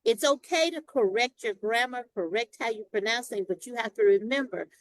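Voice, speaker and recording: A woman's voice: on the high side, a little fast, dry recording, low-quality recording. A woman with a Southern Texas accent, a longtime Toastmasters member speaking emphatically in a casual group discussion.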